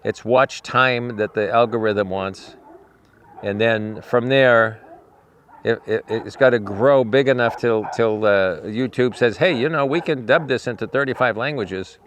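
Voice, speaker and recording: A man of medium pitch hosts an outdoor vlog at his animal sanctuary. He rambles to the camera, repeating himself, then coos gentle, near-murmured praise to his dogs. A faint hiss sits under his voice. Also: a little slow. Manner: rambling, repeats himself when talking to the audience. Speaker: animal rescuer and show host.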